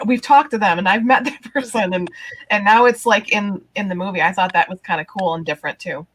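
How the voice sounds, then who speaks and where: A woman's voice: mid-range voice, fairly bright tone. A woman co-hosting a casual stream chat, thoughtful and hesitant. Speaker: stream co-host.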